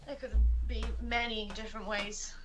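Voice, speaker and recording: A woman's voice: a little high, little pitch movement, moderate pace, noisy background. A woman playing a tabletop game, playful and chatty. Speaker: player. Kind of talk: casual tabletop role-play.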